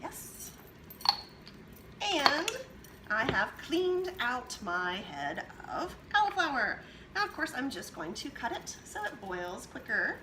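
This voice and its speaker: A woman's voice: on the high side, very animated, takes it slowly, noisy background. A woman hosting a home cooking demonstration, chatting her way through each step as she works in her kitchen. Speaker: cooking show host.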